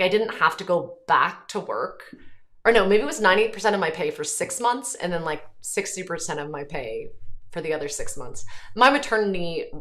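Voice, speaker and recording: An Irish woman in her thirties hosts a casual livestream, reading comments aloud and answering them. Her voice sits fairly low, and she talks in an earnest, conversational way, pausing often to gather her thoughts. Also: fairly bright tone. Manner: earnest, conversational, frequent pauses. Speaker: host.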